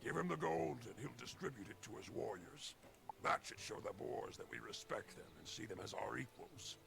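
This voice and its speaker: A man's voice: medium pitch, expressive, moderate pace, vocal fry. An actor playing a stern male clan chieftain who hands out tasks in a curt, commanding manner.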